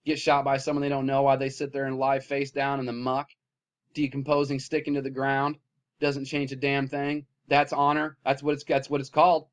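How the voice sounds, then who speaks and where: A man recording an impassioned vlog rant, swinging between loud, heated outbursts and low, weary muttering. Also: monotone, a little fast. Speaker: vlogger.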